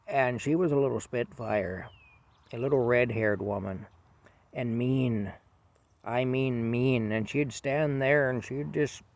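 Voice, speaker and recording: A man in his fifties casually telling a rambling, self-deprecating story from his past. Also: mid-range voice. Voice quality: gravelly.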